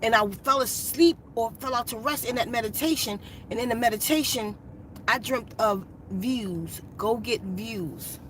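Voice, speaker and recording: A woman's voice: fairly high pitch, normal speed, fairly bright tone, a little hiss or hum. Earnest woman telling a personal story. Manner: earnest, repetitive, emphatic retelling. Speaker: meditation channel host.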